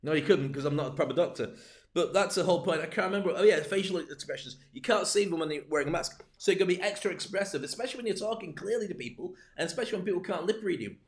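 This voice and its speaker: Joking man, high-ish voice. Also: rapid-fire. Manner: joking, rambling asides. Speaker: public speaking coach. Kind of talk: livestreamed talk.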